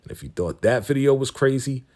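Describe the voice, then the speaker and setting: A man's voice: medium pitch, expressive, a little fast, mellow. A man hosting a casual TV recap, retelling scenes in street slang with quoted dialogue and calling his viewers family. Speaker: YouTube TV recap host.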